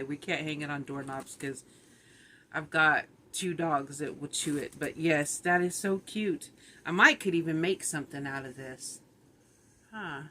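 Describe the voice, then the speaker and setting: A woman's voice: low voice, pushed and bright. A middle-aged woman, chatting casually and rambling a little on her vlog while sounding tired and run down. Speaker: vlogger.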